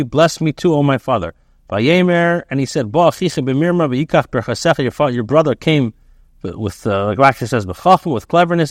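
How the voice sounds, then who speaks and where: A man teaching as a rabbi, a text aloud and translating it line by line in a halting way, with many restarts and fillers. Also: on the high side, no room sound, studio quality.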